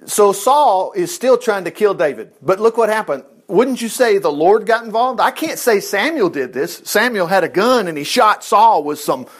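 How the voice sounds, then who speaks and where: A middle-aged male pastor delivering a loose, conversational sermon. His voice sits high and leaps around in pitch, full of folksy asides and chuckles. He talks to the congregation like old friends. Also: animated, normal speed, hardly any pauses. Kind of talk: informal sermon.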